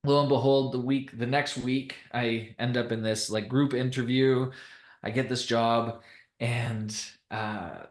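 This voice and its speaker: Animated Canadian man telling stories. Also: medium pitch, measured pace, reverberant. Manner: animated, laughs often while telling stories. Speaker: podcast guest. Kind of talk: casual storytelling interview.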